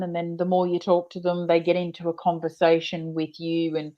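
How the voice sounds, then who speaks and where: Woman, slow, low voice, advising, muffled stream audio. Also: little pitch movement. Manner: advising, down-to-earth. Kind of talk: casual chat on a live stream.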